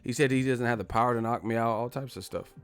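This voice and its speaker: A man's voice: mid-range voice, quick pace, smooth, faint music behind. A man hosting a casual boxing live stream, talking loosely and profanely and reading out viewer messages. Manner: laid-back, profane, reads viewer messages.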